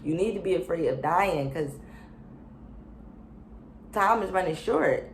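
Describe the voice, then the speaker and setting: A woman's voice: lowish voice, lively intonation, a little slow, echoey room, slight background noise. A woman casually recapping a reality show, chatty and opinionated, with lots of fillers and slang.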